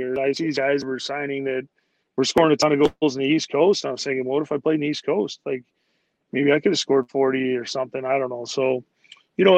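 A man talking fast in a loose, rambling way, stuffing his stories with "like" and "you know." The sound is dry and a little muffled, as if recorded close in a dead room. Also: mid-range voice, no echo. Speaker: guest, former hockey player. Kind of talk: casual storytelling interview.

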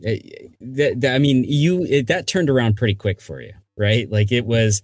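A man interviewing a guest in casual conversation, halting and restarting as he forms his questions. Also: medium pitch, expressive, dry recording, studio quality. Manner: halting, many fillers and restarts.

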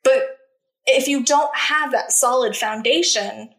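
Earnest woman with a high voice in a roomy echo. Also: slow, fairly bright tone. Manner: earnest and emphatic, rising sharply when reliving anger. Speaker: podcast guest. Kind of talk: candid personal storytelling.

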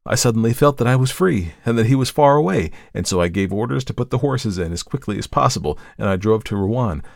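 A man giving a dramatic first-person story reading, intense, swinging between hushed dread and anguished outbursts. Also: on the low side, expressive, a little fast, gravelly, no echo, studio quality. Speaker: story reader.

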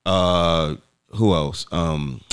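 A man's voice: deep voice, extremely slow, clear, resonant tone. A man co-hosting a podcast, telling stories in a casual, profane way and acting out quoted voices. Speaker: podcast co-host.

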